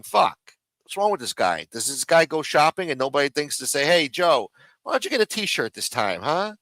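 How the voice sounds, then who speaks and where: A man's voice: on the high side, sharp tone, no room sound, rough recording. A man hosting a live stream, ranting and mocking in casual, profanity-heavy talk. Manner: profane, mocking, rambling rant.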